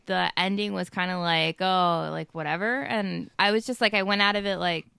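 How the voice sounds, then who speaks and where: A young woman chatting as a podcast guest, lively and talkative. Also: fairly low pitch, normal speed, vocal fry, clear, resonant tone, no room sound, studio quality. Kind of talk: casual podcast chat.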